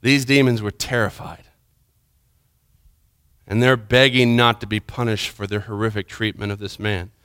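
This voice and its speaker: A man delivers a sermon with a bright, forceful voice that stays smooth and crisp throughout. He swings dramatically between urgent, raised passages and hushed, low asides. The sound is dry and close. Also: steady tone, normal speed, long pauses, no room sound. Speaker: preacher.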